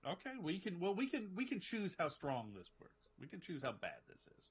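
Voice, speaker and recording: A man's voice: high-pitched, huge pitch swings, brisk, breathy edge. A man narrating as game master of a tabletop game, hesitant with frequent restarts. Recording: tinny call audio with faint music.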